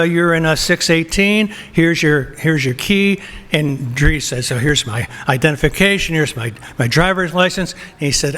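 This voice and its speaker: A man's voice: a little high, fairly bright tone. An older man presenting an award, telling a long comic anecdote and acting out the quotes with laughter. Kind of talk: anecdote at a banquet podium.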